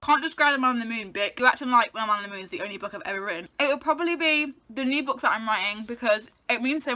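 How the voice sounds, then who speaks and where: A young woman in a casual chat vlog, talking to camera at home between bites of food. Her voice sits high and bright, with a loose, chatty delivery and easy swearing. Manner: chatty, swears casually, talks while eating. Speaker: book YouTuber. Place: home, indoors.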